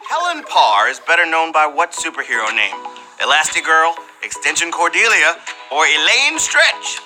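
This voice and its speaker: A man hosting a live trivia game show in a playful, slangy, animated way, teasing the players. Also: a little high, normal speed, over music, rough recording.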